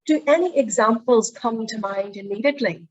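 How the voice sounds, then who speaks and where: A woman's voice: a little high, moderate pace, lo-fi sound. A middle-aged woman with a Northern Irish accent, running a presentation skills workshop in a chatty, explaining way. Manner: chatty, explains with demonstrations of voice habits. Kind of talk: online workshop teaching.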